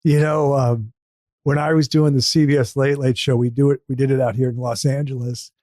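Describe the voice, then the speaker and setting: A man hosting a talk show, chatting casually and reading ads with deadpan humor. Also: mid-range voice, brisk, no echo, studio quality. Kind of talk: casual chat and ad read.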